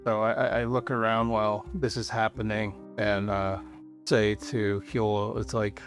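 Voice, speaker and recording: A man's voice: lowish voice, little pitch movement, a little slow, soft background music. Hesitant, stammering male player. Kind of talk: casual chat.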